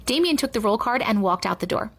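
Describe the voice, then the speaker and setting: A woman reading a children's chapter book aloud with expressive storytelling. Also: on the high side, quick pace, husky. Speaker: reader.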